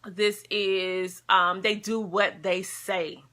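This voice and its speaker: A woman's voice: medium pitch, level tone, slow, sharp tone. A woman talking casually to camera as a wellness coach, earnest and heartfelt. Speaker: wellness coach and homeschooling vlogger.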